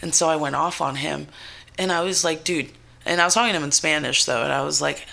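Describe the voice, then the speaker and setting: An American woman hosting a radio talk show, telling stories in a lively, profane way and acting out what people said. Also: deep voice, quick pace, gravelly. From United States. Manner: animated, profane storytelling with acted-out quotes. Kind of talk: casual chat. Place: radio studio.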